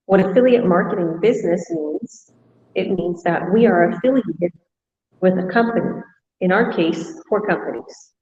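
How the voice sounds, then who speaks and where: A woman with a fairly low voice hosts a business talk in a casual way with a few fillers. The sound is muffled and echoey, with a long reverb. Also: mellow. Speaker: business coach, host. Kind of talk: online business presentation.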